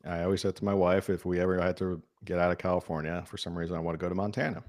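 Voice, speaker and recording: Low-voiced man co-hosting a podcast. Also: little pitch movement, very fast, a little mellow. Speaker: podcast co-host. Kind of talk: casual political chat.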